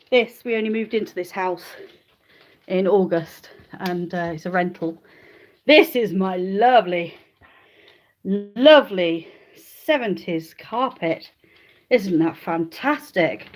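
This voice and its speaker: This livestreaming vlogger talks to her viewers from her phone indoors, in the living room of a rented house, drifting off topic and calling her dogs. Her medium-pitched voice is unhurried and pauses often. The phone is handheld at first, then set on a stand, and there's slight background noise.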